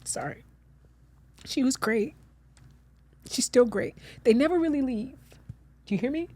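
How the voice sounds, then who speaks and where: A woman's voice: high-pitched, expressive, a little slow, a little mellow. A middle-aged woman, a guest actress, talking earnestly in a heartfelt conversation and turning emphatic when she comforts someone. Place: studio with audience.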